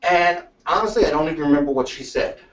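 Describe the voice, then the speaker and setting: A man presents a webinar in an animated storytelling manner, slipping into the voices of the people in his stories. His voice sits fairly high. The recording is distant and echoey, as if made across a room, with a dull, muffled tone. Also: fast talker. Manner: lively storytelling, acts out dialogue. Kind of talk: webinar talk.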